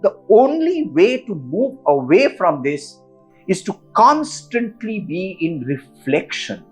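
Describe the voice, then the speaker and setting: A man, a co-host who teaches spiritual ideas through animated, conversational storytelling. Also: sits high, slow pace, slightly rough, faint music behind. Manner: animated storyteller, rising and falling emphasis.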